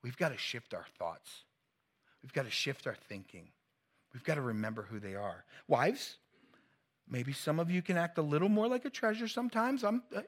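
A man's voice: mid-range voice, lively intonation, unhurried, a bit bright. A middle-aged male pastor preaching a sermon in a conversational, teasing way, laughing at his own jokes.

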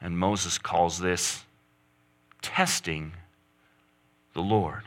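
This middle-aged pastor has a low-pitched, fairly bright voice and preaches very slowly. He's emphatic throughout the sermon, lifting and dropping his voice to underline key points.

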